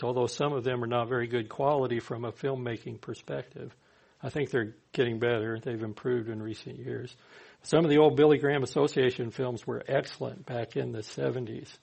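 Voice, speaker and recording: A man's voice: medium pitch, gravelly, a little mellow. A man preaching a sermon in a conversational way, sometimes acting out the people he quotes. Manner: conversational, acts out quoted speakers.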